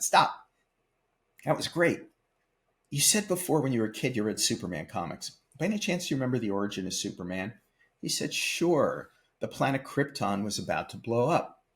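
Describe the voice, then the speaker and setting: An older man telling a story from his own life with emphatic energy, acting out the voices of the people he quotes. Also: fairly low pitch. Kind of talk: animated storytelling. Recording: faint music behind.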